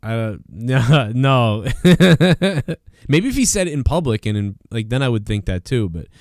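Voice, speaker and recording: A man's voice: medium pitch, very animated, measured pace, darkish tone, dry recording, clean studio sound. A man hosting a live stream show, chatting casually in a rambling, joking, slangy way.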